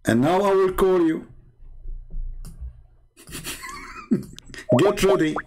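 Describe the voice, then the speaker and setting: A man hosts a livestream in a scornful, emphatic voice that sits somewhat high. His English is non-native, with broken grammar, and his voice sounds slightly hoarse. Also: normal speed, a little mellow. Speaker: host of a debate livestream. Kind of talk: livestream commentary while calling viewers.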